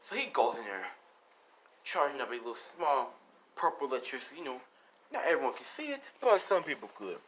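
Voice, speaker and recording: Rambling male storyteller, mid-pitched. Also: sing-song, a little fast, a bit bright, a little hiss or hum. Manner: rambling, full of fillers and swearing. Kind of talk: casual retelling of a fan story.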